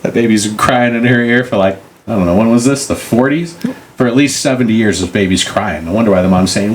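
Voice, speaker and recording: A middle-aged man with a low, heavy voice tells local stories in a relaxed, joking way. He drops into goofy voices for the people in his tales. A faint hiss sits under the recording. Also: brisk. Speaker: podcast co-host. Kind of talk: casual storytelling chat.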